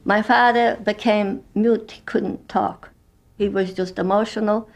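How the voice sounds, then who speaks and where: Older woman, halting testimony. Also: mid-range voice, fairly even intonation. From Poland. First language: Yiddish. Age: 70s. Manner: halting, emotional storytelling with broken English. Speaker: interviewee. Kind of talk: personal testimony.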